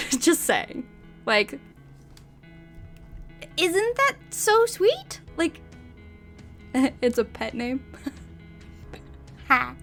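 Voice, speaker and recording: A young woman with a high voice reads a story aloud, then drifts into giggly, chatty asides. She says "like" often, and faint music plays behind her. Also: sing-song, very slow, long pauses, fairly bright tone. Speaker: streamer reading a story.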